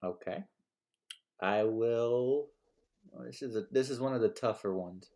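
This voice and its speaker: A man talks sports at an ordinary middle pitch, animated and quick to laugh. He stumbles into repeated restarts as he works through his thoughts, sounding casual and conversational. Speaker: sports podcast co-host.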